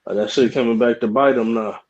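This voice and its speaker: A man's voice: mid-range voice, fairly even intonation, fairly quick. A man in casual sports chat, blunt and profane in his opinions. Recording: dull lo-fi sound.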